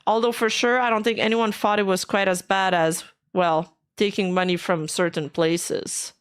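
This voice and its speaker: A woman's voice: mid-range voice, fairly even intonation, moderate pace, smooth. Blunt, skeptical woman streamer. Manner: skeptical, frustrated, blunt with swearing. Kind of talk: casual commentary reading out posts.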